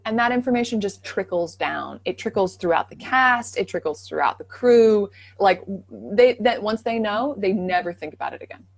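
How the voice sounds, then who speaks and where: A woman guesting on a live-stream Q&A, telling stories with animated enthusiasm. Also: medium pitch, moderate pace, gravelly, hardly any pauses, no echo. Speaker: guest, dialect coach.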